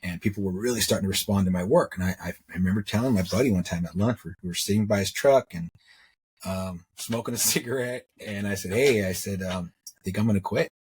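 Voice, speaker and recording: A man's voice: on the low side, quick pace, darkish tone, a little hiss or hum. A middle-aged man, a jewelry maker, telling his story in a rambling, casual way, repeating words and acting out what others said. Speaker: interview guest, metalsmith.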